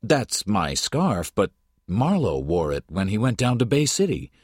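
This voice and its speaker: A man reading aloud, voicing a tired, shaken middle-aged husband who speaks in a bewildered, halting way. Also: on the low side, very animated, slightly rough, no room sound, studio quality, pitched above the performer's own voice, exaggerated voice.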